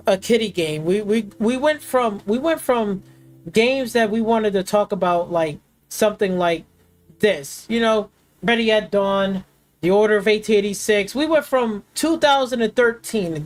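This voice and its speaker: A man hosting a gaming stream, ranting in an exasperated, mocking way and swearing constantly. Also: sits high. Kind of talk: profane casual rant.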